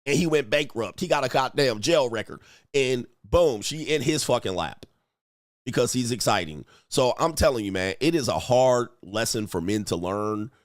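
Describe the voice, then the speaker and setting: A man hosting a relationship reaction show, talking in animated, slangy casual commentary and mocking others in put-on voices. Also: medium pitch, moderate pace, dry recording, studio quality.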